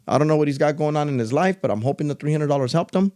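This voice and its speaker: A middle-aged man, a podcast co-host, telling a long story in casual conversation. His voice sits a bit high and the words tumble out fast. He slips into other people's lines as he goes, with a loose, animated delivery.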